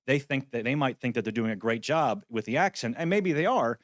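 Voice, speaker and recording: A man presents at a conference in a practical, explanatory way, slipping in wry jokes at his own expense. His voice sits at an ordinary middle pitch and is recorded close and dry, with almost no room sound. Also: fairly quick, dry recording. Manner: practical, wry, self-deprecating asides. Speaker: voice actor giving a conference talk. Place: conference venue.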